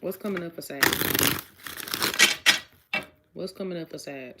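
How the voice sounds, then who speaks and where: A woman with a slightly low voice speaks a little slowly over heavy background noise. She's a tarot reader and an adult with a child, giving a casual, chatty, repetitive reading where she asks each question aloud and addresses her viewers directly.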